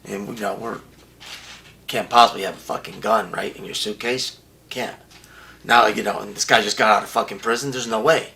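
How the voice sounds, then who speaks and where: A gravelly older man tells a profane story as an interview guest, acting out the other people's lines as he goes. His voice is low and bright-edged, and his delivery is blunt and plain. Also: fairly even intonation, normal speed.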